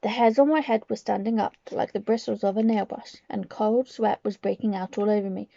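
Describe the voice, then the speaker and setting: A woman from Cornwall reading a children's book aloud with expressive storytelling. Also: medium pitch, fairly quick, creaky, dry recording, muffled recording. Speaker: reader.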